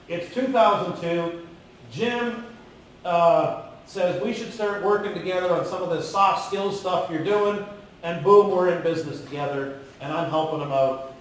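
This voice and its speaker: A man giving a live motivational business talk in a large room, animated and coaxing the audience to call out answers. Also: high-pitched, a little hiss or hum. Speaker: keynote speaker. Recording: very echoey hall, far from the mic.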